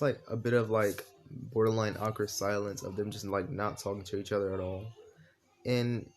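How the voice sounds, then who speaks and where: A man's voice: medium pitch, darkish tone. A man improvising a fan story while playing a game, rambling casually with lots of fillers and swearing.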